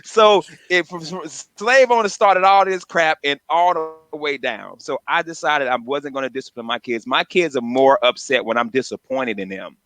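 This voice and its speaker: A middle-aged man co-hosting a radio comedy show, chatting casually and telling animated stories, sometimes mimicking his mother in a high voice. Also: normal speed, hardly any pauses, dry recording. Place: radio studio.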